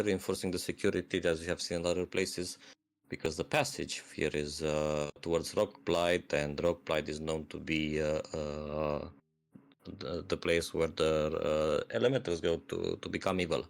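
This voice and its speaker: A man narrating as game master of a tabletop game, halting with many fillers. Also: rumbling low, fairly even intonation, gravelly.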